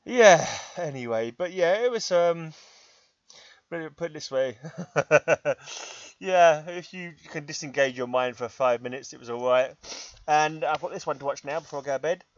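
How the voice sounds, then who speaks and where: A man's voice: a little high, normal speed, dry recording, highs cut off. A middle-aged English man with an English accent, rambling in a casual vlog, tired and self-mocking, talking to his laptop in his room. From England. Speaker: vlogger. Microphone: laptop microphone.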